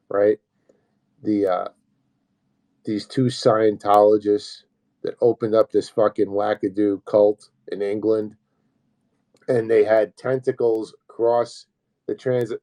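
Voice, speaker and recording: A man's voice: lowish voice, warm tone. A man hosting an online commentary show, talking casually, swearing often and throwing rhetorical questions at his listeners. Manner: profane, agitated, rhetorical questions to the audience. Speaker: host.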